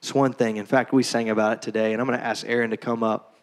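A young adult man preaching as a pastor in a church, moving from calm talk to loud, impassioned preaching. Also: medium pitch, fast. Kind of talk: sermon. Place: church hall.

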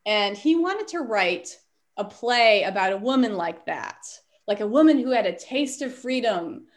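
Woman cohost, medium voice, steady, explaining a movie plot with some ums. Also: mid-range voice. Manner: measured, with fillers. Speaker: podcast co-host. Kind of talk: summarizing a film.

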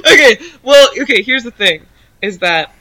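Young woman, dry self-mocking storyteller, rambling casual chat, bright tone. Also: a little high, animated, moderate pace, poor audio. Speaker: guest.

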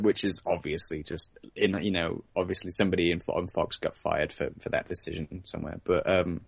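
A man with a lowish voice co-hosts a casual podcast chat. He talks in an animated way and acts out the scenes he retells. His voice sounds dry and close to the mic. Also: fairly quick, vocal fry, few pauses, breathy edge, dry recording. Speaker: podcast co-host.

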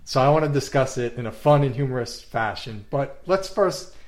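A man from Long Island hosting a casual podcast chat, playful and animated, laughing often. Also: medium pitch, moderate pace. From Long Island, New York. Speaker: podcast host.

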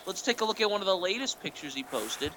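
Blunt man with a higher voice. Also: expressive, fast, crowd noise. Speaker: podcast co-host. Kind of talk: casual chat, reading posts aloud.

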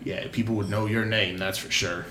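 A man's voice: fairly low pitch, steady tone, a little fast, pitched below the performer's own voice, natural voice. A man voicing a tavern innkeeper who speaks hesitantly, with many ums and restarts. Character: innkeeper man with a put-on accent. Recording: echoey room, faint noise.

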